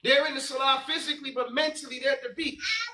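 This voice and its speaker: A man's voice: extremely high pitch, fast talker, roomy sound, recorded from a distance, background noise. Emphatic man teaching a class. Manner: quizzing students, emphatic and repetitive. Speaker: religious teacher. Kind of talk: classroom lesson with call and response.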